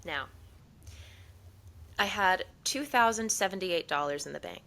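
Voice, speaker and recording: A woman's voice: on the low side, expressive, a little fast, gravelly, fairly bright tone, low-quality recording. A young woman co-hosting a podcast, telling a long story in casual chat and acting out the people she quotes. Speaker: podcast co-host.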